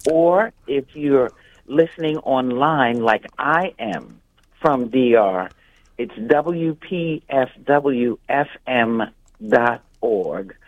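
A man's voice: mid-range voice, lively intonation, slow pace. A man calling in by phone to a radio pledge drive, speaking earnestly and emphatically and repeating his points. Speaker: radio show host calling in. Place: in the Dominican Republic. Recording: phone-line audio.

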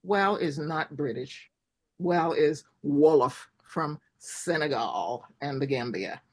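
A woman from the United States, speaking as an interview guest in an animated way, asking herself rhetorical questions and laughing between points. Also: low voice, takes it slowly. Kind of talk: conversational interview.

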